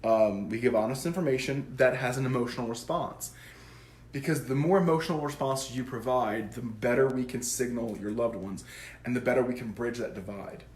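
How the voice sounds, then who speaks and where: A man who works as a psychic medium, explaining his work to camera in a goofy, animated way. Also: medium pitch, brisk, echoey room. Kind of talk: casual talk to camera.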